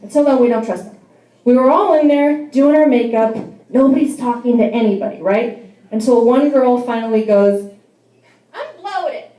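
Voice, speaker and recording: A woman's voice: fairly high pitch, steady tone, normal speed, warm tone, echoey room, rough recording. A young adult woman doing a stand-up comedy set in a bar, telling wry, self-deprecating stories. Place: bar venue.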